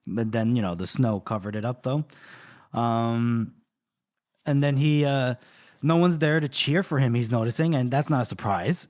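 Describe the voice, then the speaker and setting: A man's voice: mid-range voice, darkish tone. A man co-hosting a podcast, casually retelling a book's plot with many fillers and briefly acting out the characters' lines. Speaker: podcast co-host. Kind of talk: casual book recap.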